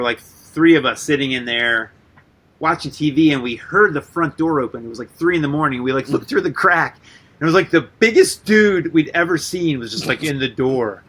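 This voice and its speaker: Animated, swearing man telling stories. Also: medium pitch, brisk. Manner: animated storyteller, swears freely, full of "like". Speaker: guest artist and musician. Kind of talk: casual storytelling interview.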